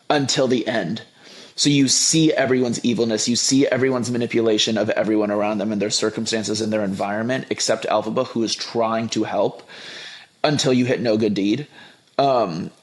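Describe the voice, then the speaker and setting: A young man in casual chat, giving emphatic opinions in a film review, often restarting his sentences. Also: mid-range voice. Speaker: podcast guest.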